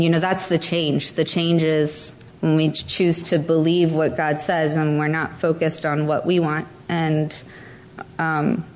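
Young woman, church testimony, slow reflective delivery, faint background noise. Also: low-pitched, darkish tone, rough recording. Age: young adult. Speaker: church member giving testimony. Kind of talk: personal testimony.

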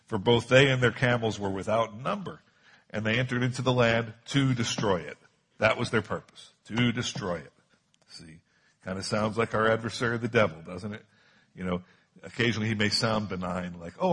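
A man's voice: on the low side, fairly bright tone, breathy edge. A man preaching a sermon as a pastor, emphatic and repeating key phrases for stress.

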